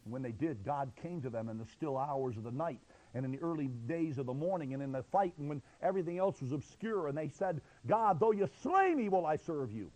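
A man's voice: medium pitch, fairly quick, hardly any pauses, dark tone, low-quality recording. A male preacher delivering an impassioned, emphatic sermon.

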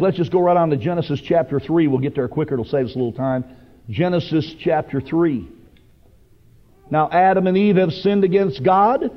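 A man preaching a sermon with fervent, emphatic delivery that rises to loud bursts. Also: high voice. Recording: dull lo-fi broadcast recording.

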